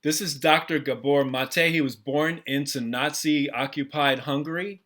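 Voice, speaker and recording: A man's voice: on the high side, fairly even intonation, unhurried, fairly bright tone. A man presenting a workshop in a conversational way, asking the audience questions as he goes. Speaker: presenter at a training session.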